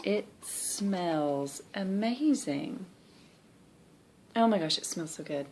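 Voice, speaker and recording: A woman's voice: on the low side, lively intonation, slow pace, darkish tone, a little hiss or hum. A woman in her thirties with a Southern US accent, chatting candidly and rambling in a stitching vlog, sounding tired. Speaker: cross-stitch vlogger. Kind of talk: casual chat.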